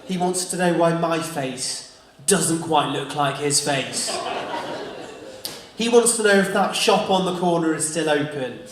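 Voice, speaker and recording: A man from England tells a wry stand-up story in a slightly higher voice. The sound is echoey and distant, with faint noise behind him. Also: unhurried. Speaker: stand-up comedian. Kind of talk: stand-up comedy. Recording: echoey stage heard from afar.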